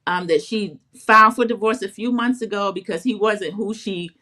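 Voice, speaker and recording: Her voice sits mid-range, moderately paced and sharp in tone, as she co-hosts a casual chat show recapping a reality show. She narrates the episode chattily and imitates the people she quotes with a put-on voice.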